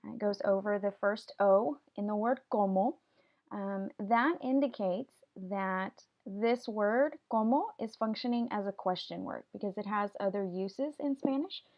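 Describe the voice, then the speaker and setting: A woman's voice: medium pitch, unhurried, dull audio. A woman teaching a Spanish vocabulary lesson, patiently explaining each word step by step and having students repeat after her. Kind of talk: classroom video lesson.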